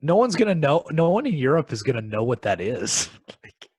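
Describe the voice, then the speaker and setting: A man's voice: medium pitch, big pitch swings, a little fast, a little mellow, husky, dry recording. A man co-hosting a film podcast in casual chat, talking hesitantly with plenty of ums and likes. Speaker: podcast co-host.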